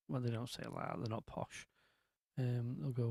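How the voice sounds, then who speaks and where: A man chats his way through a casual live stream, wandering off on tangents. His voice is mellow and low-key, recorded close and dry with no room sound. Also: fairly even intonation, moderate pace, dry recording. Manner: rambling, chatty, lots of ums and asides.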